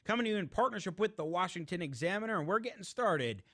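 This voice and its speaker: An upbeat man opening his political talk show with a quick, scripted announcer delivery. His voice sits a bit above average in pitch. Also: expressive, fairly bright tone. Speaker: podcast host.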